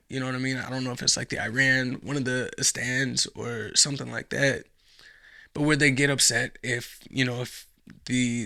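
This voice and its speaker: A man's voice: mid-range voice, vocal fry, pushed and bright, dry recording, studio quality. A man hosting a podcast, rambling casually through a profane monologue with sarcastic asides. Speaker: podcast host.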